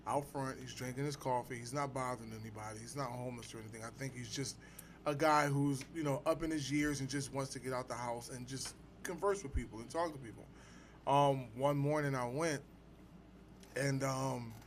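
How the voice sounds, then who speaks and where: A man's voice: mid-range voice, a little hiss or hum. A man on a podcast casually telling a personal anecdote, rambling and conversational.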